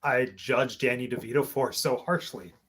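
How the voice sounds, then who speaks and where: A man's voice: mid-range voice, moderate pace, a bit bright, breathy edge. A man co-hosting a casual film discussion, speaking in a playful, teasing way. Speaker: podcast co-host.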